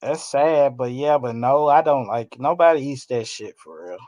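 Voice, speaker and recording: A man's voice: medium pitch, moderate pace, darkish tone, no room sound. A man in casual chat, joking and teasing bluntly.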